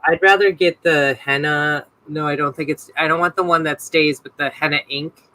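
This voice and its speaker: A man in his thirties with a bright, slightly high voice chats in a casual panel. He hesitates, backs up to correct himself and lets his sentences trail away. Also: steady tone, normal speed, slight background noise, rough recording. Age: 30s. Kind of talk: casual group discussion.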